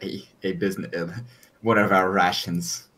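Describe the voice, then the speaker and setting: A man's voice: sits low, little pitch movement, moderate pace, pushed and bright, poor audio. A man playing a tabletop game with friends, drawling, hesitant and teasing. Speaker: player.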